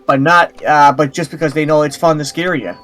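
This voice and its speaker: A man's voice: fairly high pitch, fairly even intonation, a little fast, a bit bright. A man chatting casually with a game streamer, telling anecdotes in a chatty way. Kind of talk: casual chat.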